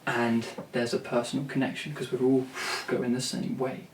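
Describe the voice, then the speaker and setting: A man's voice: medium pitch, completely flat delivery, moderate pace, darkish tone, a little hiss or hum. A man rambling to camera about songwriting, blunt and swearing freely, with many restarts. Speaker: songwriter and vlogger. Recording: roomy, distant from the mic, faint ambience.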